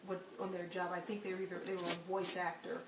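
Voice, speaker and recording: A woman's voice: lowish voice, level tone, fairly quick. A woman in a casual chat, talking hesitantly and searching for words, recorded on a distant echoey mic with noise.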